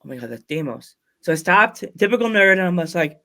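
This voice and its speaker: A man's voice: sits high, sing-song, bright, forceful tone. A man hosting a casual podcast interview, telling a rambling story with many restarts and acted-out quotes. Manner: rambling storyteller who acts out quoted voices; halting restarts mid-sentence. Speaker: podcast host.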